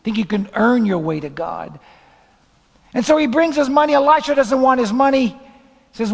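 A man preaching a sermon as pastor, telling stories dramatically and swinging from loud bursts to whispers. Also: very high-pitched, expressive, normal speed, vocal fry, in a large hall.

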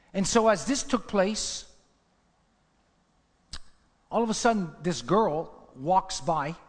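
A man preaching a sermon, telling his testimony as a dramatic story and building to fervent emphasis. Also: fairly high pitch. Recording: long reverb of a large hall.

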